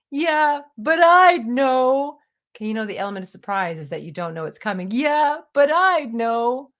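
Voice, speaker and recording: A woman around fifty telling personal stories in a chatty, animated way, full of "like" and "you know". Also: medium pitch. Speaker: storytelling vlogger. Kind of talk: casual storytelling monologue.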